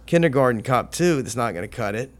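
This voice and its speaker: A man's voice: mid-range voice, animated, fast. A middle-aged man co-hosting a podcast in casual chat, joking crudely and poking fun at himself. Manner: crude, self-mocking joking. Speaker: podcast co-host.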